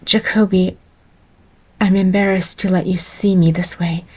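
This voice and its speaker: A woman's voice: on the low side, level tone, a little slow. A woman voicing a neglected young queen in a storybook reading, pleading and tearful in tone. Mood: sorrowful.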